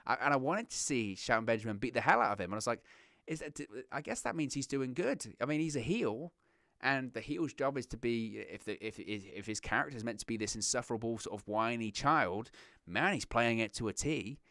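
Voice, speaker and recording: A young man hosting a wrestling reaction show, chatting casually with lots of restarts and animated asides. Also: mid-range voice, brisk, no room sound, clean studio sound. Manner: rambling, animated, self-interrupting with restarts. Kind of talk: casual solo commentary.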